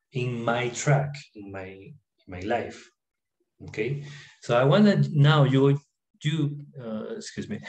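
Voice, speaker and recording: A man explaining ideas about the mind in his apartment, in a halting way with many fillers and restarts. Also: medium pitch, darkish tone, roomy sound, poor audio. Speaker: self-help video presenter. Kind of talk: informal talk to camera, reading a text aloud. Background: dog barking, fireworks and freeway traffic outside.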